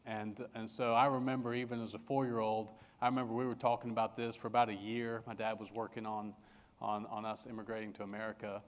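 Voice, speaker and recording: A middle-aged man from England, a pastor giving a sermon in a halting, personal storytelling way with many restarts. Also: fairly low pitch, little pitch movement, in a large hall.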